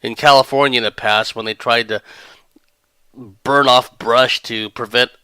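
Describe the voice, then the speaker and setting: Male podcast host, rambling sardonic commentary, smooth and resonant voice. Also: medium pitch, steady tone, unhurried, sharp tone, no room sound. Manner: rambling, sardonic, breaks into laughter. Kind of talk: monologue commentary.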